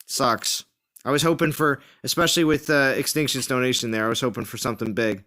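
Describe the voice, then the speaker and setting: A man hosting a live stream, chatting casually with friends and teasing them. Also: a little fast. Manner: playful teasing, lively swings of pitch.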